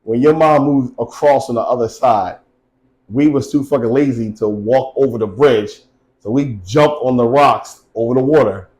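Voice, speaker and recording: A man's voice: medium pitch, moderate pace, darkish tone, low-quality recording. A man co-hosting a casual podcast, telling stories and teasing with blunt, profane talk. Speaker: co-host.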